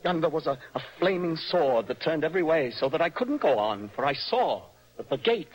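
A nervous, dreamy young poet. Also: male voice, on the high side, expressive, brisk, breathy edge, low-quality recording. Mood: impassioned. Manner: poetic, impassioned, mocking. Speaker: young poet in love with a married woman. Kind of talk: stage play acted for radio.

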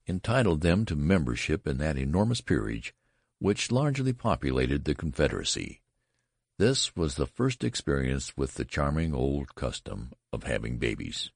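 A man narrating a classic story as an audiobook, with measured, expressive storytelling. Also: a bass voice, no echo, studio quality.

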